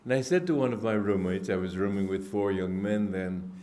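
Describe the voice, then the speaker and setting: A man giving a spiritual discourse, telling stories in an unhurried, reflective way with frequent restarts and throat-clearing. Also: on the low side, dark tone. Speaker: spiritual teacher. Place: indoor gathering hall.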